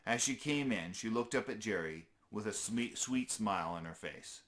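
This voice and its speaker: A man's voice: fairly low pitch, animated, moderate pace, a bit bright. A man reading a children's story aloud in an easygoing way, with small slips he corrects as he goes.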